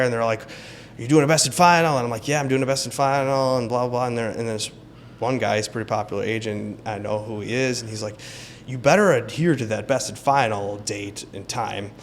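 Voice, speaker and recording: Animated man telling a deal story. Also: medium pitch, gravelly, slight background noise. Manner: animated, acts out quoted dialogue. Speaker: realtor guest. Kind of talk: casual interview storytelling.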